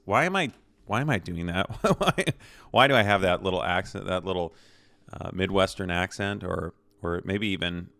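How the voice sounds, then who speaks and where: A man's voice: fairly low pitch, pushed and bright, dry recording. A man giving a casual movie review with spoilers, talking in a rambling, chatty way with lots of fillers and a habit of tacking "okay?" onto his points. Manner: rambling, chatty, many fillers and restarts, tags lines with "okay?".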